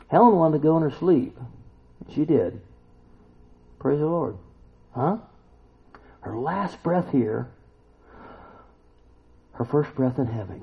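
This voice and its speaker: A man preaching a sermon, emphatic and full of rhetorical questions, now and then climbing to loud exclamations. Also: medium pitch, expressive, unhurried, creaky, long pauses, slightly rough. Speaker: pastor. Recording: tinny phone-like recording.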